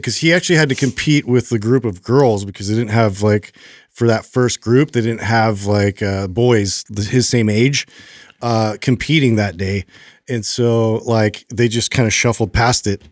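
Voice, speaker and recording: A man's voice: mid-range voice, dry recording. Rambling storyteller man, dry close sound. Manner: rambling, filler-heavy, animated retelling. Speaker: podcast co-host. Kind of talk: casual storytelling chat.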